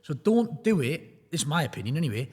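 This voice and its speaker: A man's voice: fairly high pitch, big pitch swings, brisk, darkish tone, breathy edge, long reverb tail. A man from a prop trading firm, talking bluntly and motivationally in a casual roundtable chat, with joking asides. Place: studio.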